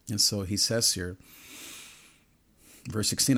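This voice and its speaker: Gravelly middle-aged male preacher. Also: on the low side, normal speed. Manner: earnest, repetitive, building lists. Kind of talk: personal sermon.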